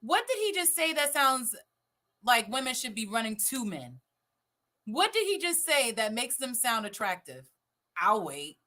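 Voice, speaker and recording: High-pitched woman, bright voice, blunt sarcastic commentary. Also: big pitch swings, measured pace. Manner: blunt, sarcastic, swears freely. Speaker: host reacting to clips. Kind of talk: casual reaction commentary.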